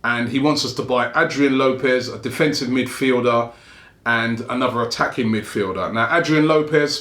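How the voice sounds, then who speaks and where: A man hosting a fan show, running through viewer comments in a loose, chatty way and chuckling as he goes. His voice sits at an ordinary middle pitch. The recording has a clear roomy echo around it. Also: fairly bright tone. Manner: chatty, chuckles often between remarks. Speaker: fan channel host. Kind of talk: casual chat reading out viewer comments.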